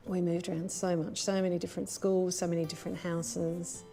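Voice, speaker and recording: Woman, low flat voice, reflective interview talk, soft guitar behind. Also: brisk.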